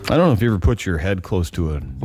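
A deep-voiced man spins a rambling, jokey story on a morning radio show. He talks casually, and music plays clearly underneath. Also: very animated, very fast. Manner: rambling, jokey anecdote telling.

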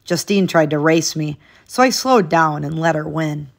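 A woman with a slightly low voice reads a children's picture book aloud. Her reading is expressive and gentle, and her voice rises brightly to mark each new part of the story. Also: moderate pace, creaky. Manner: expressive, lifting her voice at new days and exclamations.

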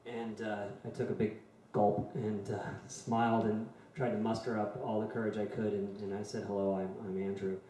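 A man in his forties telling a personal story in a soft, halting way before playing a song. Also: on the low side, flat delivery, a little hiss or hum. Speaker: singer-songwriter. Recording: very echoey room.

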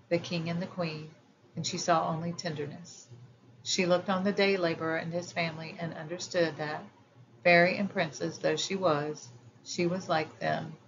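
A woman narrating a children's fairy tale audiobook in a measured, gentle storytelling manner. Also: low voice, dull audio, background noise.

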